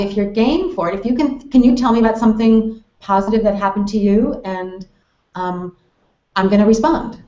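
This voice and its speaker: An American woman teaching English conversation, explaining clearly and acting out example phrases with exaggerated tone. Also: mid-range voice, warm tone. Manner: friendly, explanatory, models phrases with exaggerated intonation. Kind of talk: online English lesson hangout. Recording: roomy, dull web call audio.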